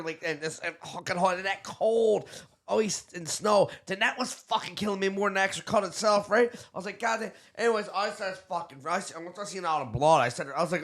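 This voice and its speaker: A man's voice: high voice, brisk. A middle-aged man with a Newfoundland accent telling a story in casual chat, swearing often and restarting his sentences. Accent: Newfoundland English. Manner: profane, animated, rambling with many restarts. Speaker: podcast guest.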